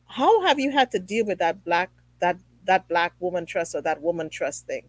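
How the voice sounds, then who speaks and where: A woman's voice: on the low side, lively intonation, moderate pace, no echo, rough recording. A woman hosting a conversational interview show from her apartment, chatty and rambling, with many fillers. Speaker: show host. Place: home apartment.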